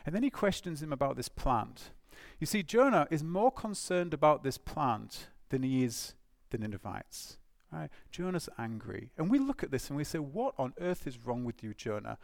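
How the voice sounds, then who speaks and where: A man preaching a sermon, animated and emphatic, with rhetorical questions and restarts. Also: a little high, moderate pace, vocal fry, few pauses, no room sound, studio quality.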